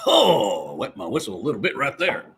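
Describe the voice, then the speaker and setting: A man voicing a folksy, rambling middle-aged handyman who clears his throat often while chatting with viewers. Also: mid-range voice, huge pitch swings, measured pace, a bit bright, full character voice. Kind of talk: live-stream character chat reading viewer comments.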